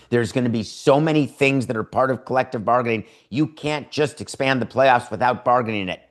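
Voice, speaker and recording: A man hosting a sports talk show, giving opinionated commentary. He lectures emphatically, stretches words to make a point, and fires off rhetorical questions and quick asides. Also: fairly low pitch. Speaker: podcast host.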